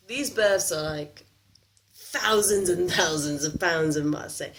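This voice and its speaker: A woman's voice: lowish voice, a little slow. A woman from England talking candidly to the camera in a vlog, frustrated and emotional, with faint background noise. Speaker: vlogger.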